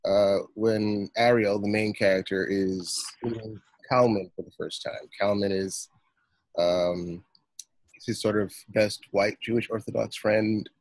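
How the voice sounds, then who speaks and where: A man, a novelist guest in a conversation, explaining in a relaxed way with many fillers. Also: on the low side, a little slow, no echo, rough recording. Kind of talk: casual interview talk.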